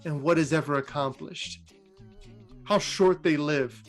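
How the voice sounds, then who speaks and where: A man voicing a cold, disdainful female angel who speaks slowly and solemnly. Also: fairly high pitch, soft background music.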